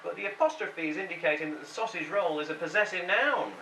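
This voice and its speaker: A man's voice: high-pitched, fast, very noisy. A man doing a stand-up comedy set, chatting with the crowd and putting on the voices of the people in his story. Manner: chatty, quips with the crowd, mimics people he quotes. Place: comedy club stage with a laughing audience. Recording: roomy live club sound from a distance.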